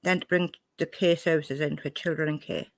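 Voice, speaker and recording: A woman's voice: low voice, steady tone, a little fast, gravelly, no echo. An upset, indignant woman from Wales reacting angrily to a clip she has just played for her viewers. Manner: indignant, confrontational. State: upset, emotional. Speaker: reaction video host.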